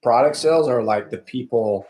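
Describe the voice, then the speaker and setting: A man talking casually on a podcast, rambling with frequent restarts and fillers, and turning animated when he mimics other people. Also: mid-range voice, moderate pace. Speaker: podcast speaker. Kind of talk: casual conversational podcast talk.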